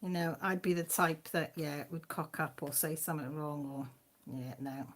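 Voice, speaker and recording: A woman with an English accent hosting a casual live chat from home, rambling and quick to laugh. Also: low-pitched, fairly even intonation. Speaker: craft channel host.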